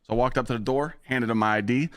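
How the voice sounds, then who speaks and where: A young man streaming games, telling stories to his chat in a blunt, profane, animated way. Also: medium pitch, fast, clean tone, no room sound. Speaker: game streamer. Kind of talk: casual live-stream storytelling.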